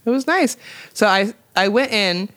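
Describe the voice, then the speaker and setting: A woman's voice: mid-range voice, expressive, a little slow, fairly bright tone, no echo, clean studio sound. A woman hosting a podcast in easygoing casual chat who laughs often. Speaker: podcast host.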